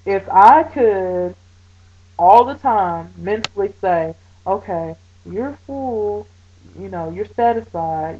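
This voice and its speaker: A woman talking casually to her camera, chatty and animated, with many fillers as she retells her day. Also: medium pitch, lo-fi sound. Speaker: vlogger.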